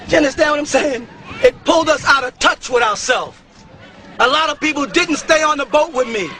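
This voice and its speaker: A man preaching to a live congregation, emphatic and often breaking into shouts, with chuckles at his own points. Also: very high voice, lively intonation, fairly quick, a faint crowd. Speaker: religious teacher addressing a congregation. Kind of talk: live sermon-style lecture. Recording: live talk with audience murmurs.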